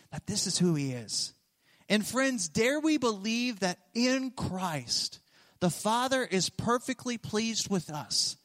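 Male pastor, higher-pitched voice, earnest, repeats key phrases; preaching in a church with a long hall echo. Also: fairly bright tone. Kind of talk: sermon. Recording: long reverb of a large hall.

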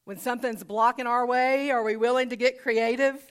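A woman's voice: a little high, steady tone, moderate pace. A woman pastor preaching a sermon conversationally, asking rhetorical questions and repeating phrases for emphasis.

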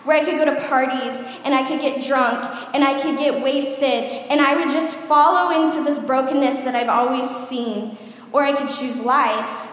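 Young woman preaching her testimony, high voice, talks animated and chatty, big echoey hall. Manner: animated, chatty, asks "okay?" often. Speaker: youth speaker giving testimony. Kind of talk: sermon testimony. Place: large hall with audience. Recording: echoey hall, room mic.

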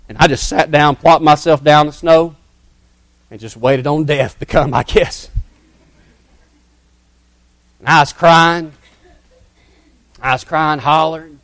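A middle-aged man, telling a childhood story in a sermon in a folksy, dramatic way that drops to hushed tones. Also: a little high, a little slow, pauses often, dry recording. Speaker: preacher telling a testimony.

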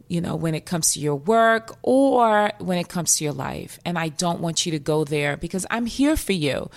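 A woman with a fairly low voice hosts a motivational podcast as a therapist. She talks emphatically and says her key points twice for weight. She speaks straight to her listeners and calls them her friends. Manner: emphatic, repeats key phrases for stress. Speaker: podcast host, mental health therapist.

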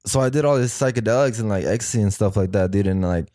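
A man's voice: lowish voice, quick pace, mellow, no room sound, studio quality. A man in a casual podcast chat, talking in a laid-back way and saying "dude" a lot.

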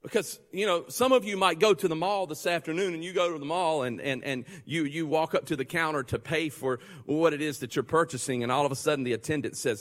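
A male pastor preaching a sermon, joking and conversational, then building to loud, fervent passages. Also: on the high side, quick pace, hardly any pauses, in a large hall.

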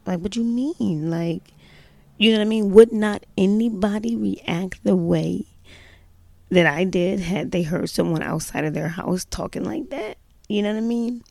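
A woman's voice: medium pitch, a little slow, vocal fry, a little mellow, no room sound. A mother telling a personal story in casual, chatty style, emphatic and full of "you know" fillers.

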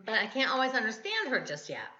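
A woman's voice: fairly high pitch, wildly swooping pitch, fast talker, sharp tone, echoey room, highs cut off. A woman in her fifties, a podcast host rambling and correcting herself in a casual devotional talk. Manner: chatty, rambling, self-correcting.

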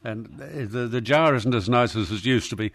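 A man's voice: medium pitch, moderate pace, a bit bright. A man hosting talk radio, blunt and dismissive with a dry manner. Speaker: radio host.

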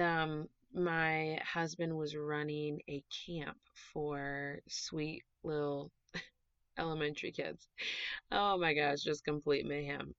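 A woman hosting her own podcast as a dog trainer, chatty and animated, gushing as she talks in a casual way. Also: low voice, no echo. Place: small closet recording space. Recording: dull, dry closet recording.

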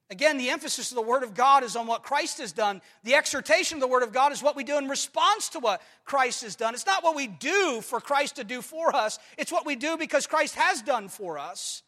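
High, bright-voiced male preacher. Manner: emphatic, repeats phrases, reads scripture aloud. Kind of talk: sermon.

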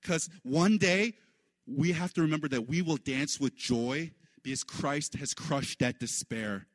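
A man preaching a sermon in an animated way, his voice leaping up high for the lines he quotes. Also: unhurried, no room sound. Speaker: pastor.

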